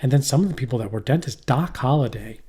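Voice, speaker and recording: A middle-aged man chatting on a podcast, his voice dark and mellow. He rambles, swears freely and keeps breaking off mid-thought to start again. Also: mid-range voice, expressive, quick pace, slightly rough. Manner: rambling, profane, trails off and restarts. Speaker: podcast co-host. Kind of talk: casual chat. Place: poorly heated shack.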